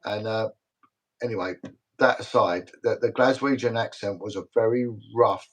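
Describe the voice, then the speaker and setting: A man's voice: on the low side, moderate pace, low-quality recording. A middle-aged British man, a retired detective, talking as a guest in a casual livestream interview, emphatic and repetitive, rambling from story to story. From Britain.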